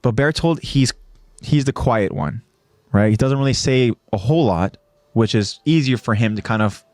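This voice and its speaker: A man hosting a podcast, talking casually and chattily, often checking in with "right?". His voice sits at an ordinary pitch. The sound is dry and close, with no room around it. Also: normal speed, darkish tone, no echo. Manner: chatty, self-correcting, asks "right?". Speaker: podcast host. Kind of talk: casual chat, recapping an anime episode.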